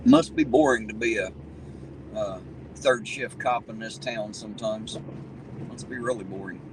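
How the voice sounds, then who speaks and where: A folksy southern Ohio hillbilly man speaks at a measured pace in a lowish voice while livestreaming from his car as he drives around town at night. Easygoing and casually swearing, he chats and reads viewer comments. The mic is distant, with loud car and road noise.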